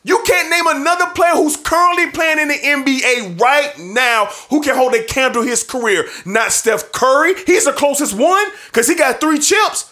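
A man on a sports show delivers an opinion rant, hammering his points by repeating them and breaking into laughter in between. His very high-pitched voice has a sharp tone and keeps a moderate pace with barely a pause.

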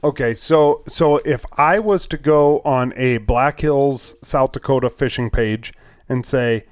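A man's voice: medium pitch, normal speed, no room sound, clean studio sound. A man co-hosting a fishing podcast, talking casually and making his point with hypotheticals and repeated lists. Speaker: podcast co-host. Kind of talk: casual chat.

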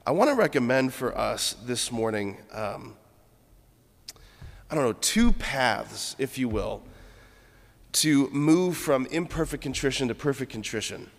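A Catholic priest delivers a homily in a mid-pitched voice, speaking earnestly and reflectively as he tells stories from his own life. His words ring out with a long church reverb trailing after them. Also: big pitch swings, unhurried.

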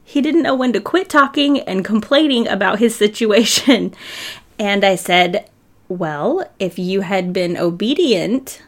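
A middle-aged woman giving a sermon, telling a family story in a conversational, humorous way. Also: medium pitch. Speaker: preacher.

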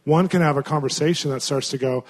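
A man's voice: fairly high pitch, fast talker. A man preaching in an earnest, conversational way, telling a story to his congregation with many fillers and restarts. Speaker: pastor. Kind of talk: sermon storytelling.

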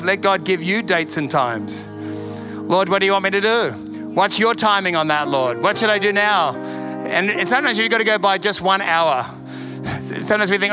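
A man preaches in a high voice, pressing his points with emphatic repetition and laughing between them. It is a sermon delivered as pastor, with instrumental music clearly playing underneath. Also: moderate pace.

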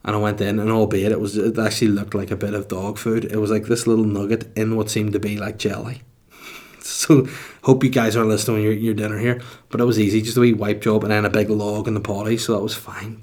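A man's voice: on the low side, flat delivery, a little fast, darkish tone. A young man with a Northern Irish accent, hosting a podcast and telling sweary, rambling comic stories in casual chat. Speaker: podcast host.

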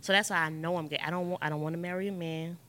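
Fast-talking blunt woman. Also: fairly low pitch, steady tone, a bit bright. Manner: blunt, profane. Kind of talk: casual chat.

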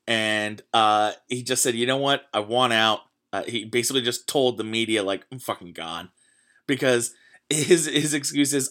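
On his own podcast, a man with a mid-range, slightly bright voice goes on a casual solo rant about sports. He gets worked up, swearing a lot and leaning on fillers.

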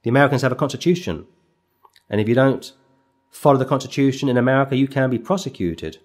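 Emphatic man preaching slowly. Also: medium pitch. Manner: emphatic, with slow dramatic pauses; reads verse numbers aloud as he goes. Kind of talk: expository sermon.

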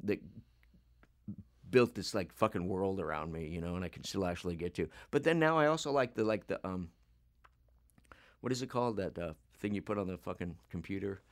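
A man with a low voice that swings widely up and down as he talks. He rambles through profane, casual anecdotes and leans on "you know" and "right?" constantly. The tone is loose podcast chat. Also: expressive, fairly quick. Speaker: podcast host.

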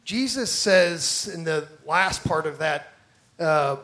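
A man's voice: a little high, animated, slow, fairly bright tone. A man preaching a conversational sermon, self-deprecating and often repeating words as he builds a point. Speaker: pastor.

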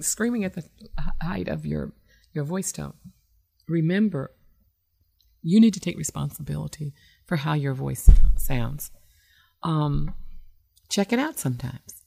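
A woman's voice: very deep voice, creaky, darkish tone. A woman hosting an internet radio show as a relationship expert, giving advice in a conversational, emphatic way with frequent fillers.

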